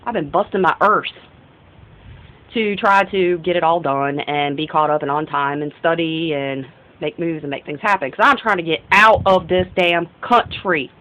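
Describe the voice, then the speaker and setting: A woman's voice: deep voice, normal speed, a bit bright, dull audio. A young woman from the northern United States talking in a rambling, casual vlog monologue, often jumping between topics and interrupting herself. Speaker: vlogger.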